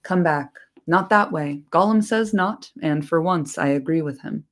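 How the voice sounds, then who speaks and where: A woman voicing a loyal, steady male hobbit servant who murmurs urgently and coaxingly, in a storybook reading. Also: deep voice, unhurried.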